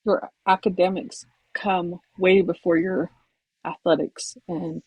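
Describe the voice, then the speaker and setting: A woman basketball coach talking in a soft-spoken, reserved way about her team in a casual conversation. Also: on the low side, flat delivery, slow pace, husky, no room sound, low-quality recording.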